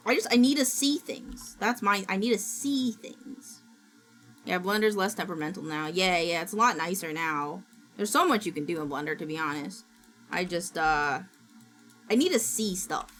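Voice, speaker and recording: A woman streaming, chatting casually while she works and gasping and squealing with excitement as she greets viewers. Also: medium pitch, normal speed. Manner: excitable, gasps and squeals at new followers; chatty and self-mocking, talking while working. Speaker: VTuber streamer. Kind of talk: casual livestream chat. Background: faint background music.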